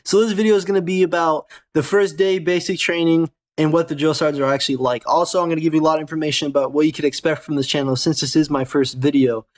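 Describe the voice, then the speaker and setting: A man's voice: fairly high pitch, steady tone, quick pace, few pauses. A young American man hosting a gaming channel, telling a casual, rambling, profane story with self-corrections. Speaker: gaming channel host and soldier.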